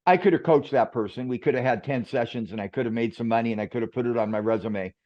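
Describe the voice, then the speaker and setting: A man's voice: medium pitch, fast talker, dull audio. A man who is a management expert, a guest on a podcast, telling reflective stories in a conversational way. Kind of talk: conversational storytelling.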